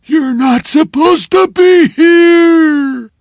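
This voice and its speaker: A man voicing an angry, hostile drunk man who shouts slowly and with menace. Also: very high-pitched, no echo, pitched above the performer's own voice, exaggerated voice. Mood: furious.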